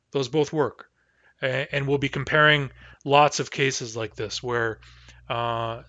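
A man teaching a language class, explaining grammar patiently and answering student questions, with frequent hesitations and slow, careful repetition of example sentences. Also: medium pitch, a bit bright, dry recording.

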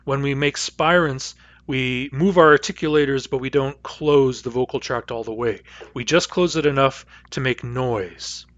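Male instructor, patient phonetics lecture, mid-pitched, dry close sound, models each sound aloud. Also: moderate pace, fairly bright tone, no room sound, highs cut off. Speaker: language teacher.

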